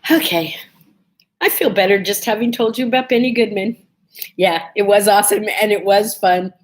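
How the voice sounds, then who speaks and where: A woman hosting a casual morning vlog, telling a personal story in a chatty, animated way and feeling a bit under the weather. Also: mid-range voice, moderate pace, slight background noise. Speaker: vlog host.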